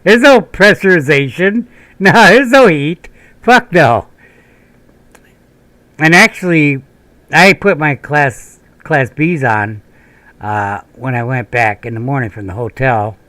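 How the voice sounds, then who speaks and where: A man's voice: fairly high pitch, slow pace, long pauses, a bit bright, no echo. Profane, rambling American man telling a story. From Minnesota, USA. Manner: profane, rambling, laughs often. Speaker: gaming channel host. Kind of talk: rambling storytelling while playing a game.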